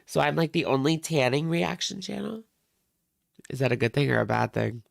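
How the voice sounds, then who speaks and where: A man's voice: a little high, animated, moderate pace, gravelly, no room sound, clean studio sound. A man hosting a reaction livestream, chatting casually with viewers in a rambling way.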